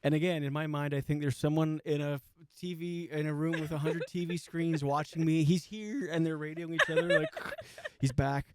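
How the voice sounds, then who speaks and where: A man's voice: on the high side, normal speed, hardly any pauses, clean tone, no echo. Rambling self-mocking man in his forties. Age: 40s. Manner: rambling, self-mocking, full of restarts and asides. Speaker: comedian host. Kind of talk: comedic storytelling monologue.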